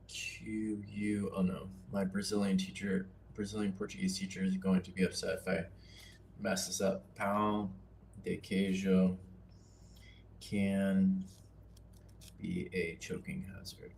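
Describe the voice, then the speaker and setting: A man casually teaching nature journaling on a livestream, relaxed and chatty with self-deprecating asides. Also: on the low side, creaky, slight background noise.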